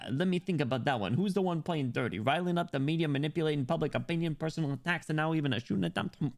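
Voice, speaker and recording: A man's voice: fairly high pitch, quick pace, lightly acted. A man voicing a smug, boastful penguin rap star while reading a game story. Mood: cocky. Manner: cocky and boastful.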